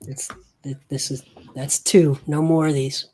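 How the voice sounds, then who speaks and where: A woman game master guides players through a tabletop game with a deep, low voice and slow, measured pace. She asks for saving throws, reads out damage, and describes the scene in an unhurried way. Her delivery stays relaxed and methodical. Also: slightly rough.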